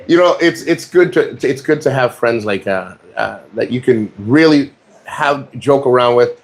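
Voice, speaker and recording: A man's voice: medium pitch, lively intonation, unhurried, a little hiss or hum. A man vlogging from a rented room, joking crudely and rambling with lots of restarts. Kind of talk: casual chat to camera.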